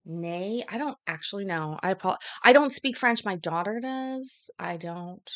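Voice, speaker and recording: A woman's voice: medium pitch, animated, unhurried, a bit bright. A woman hosting a casual livestream, chatting in a rambling way with frequent fillers. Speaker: livestream host.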